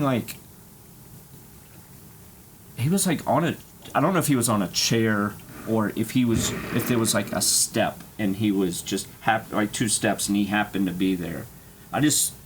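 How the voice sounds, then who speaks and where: A man's voice: fairly low pitch, slight background noise. A man streaming, telling a rambling, profane travel story with lots of fillers and laughs.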